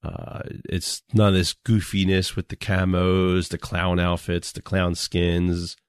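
A man co-hosting a casual podcast, telling stories in a relaxed way and chuckling often. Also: deep voice, takes it slowly, clear, resonant tone, no echo. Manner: laid-back storyteller, chuckles often. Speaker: podcast co-host.

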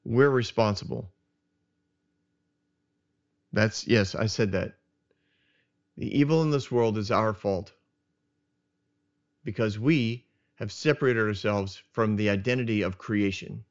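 Guy chatting about scripture, earnest, keeps restarting his sentences, kinda dull lo-fi sound. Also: mid-range voice. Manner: earnest, halting, frequent restarts and chuckles. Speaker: podcast host. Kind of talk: casual Bible discussion.

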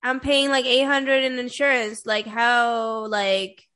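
A woman's voice: fairly high pitch, flat delivery, takes it slowly, sharp tone. A young woman hosting an interview, chatty and giggly with many fillers. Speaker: host. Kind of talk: casual interview chat.

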